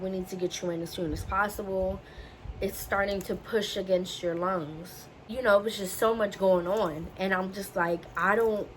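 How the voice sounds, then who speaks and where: Young woman, vlogger, personal storytelling, animated, faint background noise. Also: medium pitch. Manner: animated retelling with voiced quotes. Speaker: beauty vlogger.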